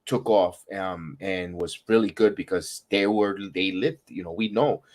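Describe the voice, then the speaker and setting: A man with a low, deep voice co-hosts a casual wrestling podcast. He is from the American South and talks in long, rambling runs that drift into backstory. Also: unhurried, darkish tone. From Southern United States. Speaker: podcast co-host.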